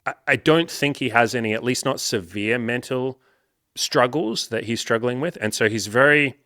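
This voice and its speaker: Animated young man, bright dry voice. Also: mid-range voice, moderate pace, no echo. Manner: animated, swears freely, many "like" fillers. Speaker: podcast host reading comments. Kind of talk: casual storytelling.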